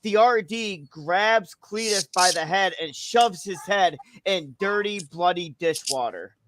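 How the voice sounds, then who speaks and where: A mid-pitched host reading an over-the-top wrestling story at an easy pace, with a faint hiss behind the voice. Steady storytelling that now and then jumps in to correct someone. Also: measured pace. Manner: coaching and correcting the reader. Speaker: show host. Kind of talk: livestream read-along and chat.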